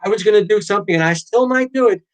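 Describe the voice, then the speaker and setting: Animated man telling stories. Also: sits high, racing. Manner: animated storyteller, acts out quotes. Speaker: guest, author and pilot. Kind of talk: casual interview chat.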